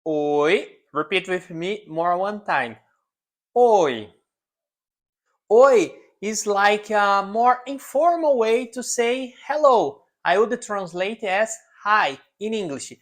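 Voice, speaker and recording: A man from southern Brazil with a southern Brazilian accent, teaching Portuguese to beginners in English, drilling words slowly and tagging his points with "okay?". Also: high voice, lively intonation. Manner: repeats words slowly for the learner and tags lines with "okay?". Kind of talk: beginner language lesson.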